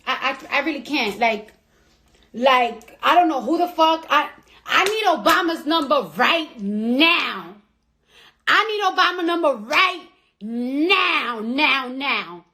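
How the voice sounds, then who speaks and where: A woman's voice: high-pitched, bright, forceful tone. A woman chatting casually on a livestream from home, complaining animatedly and swearing a lot. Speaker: livestream host.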